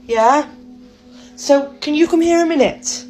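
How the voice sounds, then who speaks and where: A mother gently coaxing her small child with questions. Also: high voice, unhurried.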